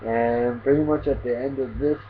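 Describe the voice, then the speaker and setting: A man's voice: medium pitch, steady tone, moderate pace. A man hosting his own anime review channel, retelling an episode in a casual, rambling way full of fillers. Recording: tinny phone-like audio, faint hiss.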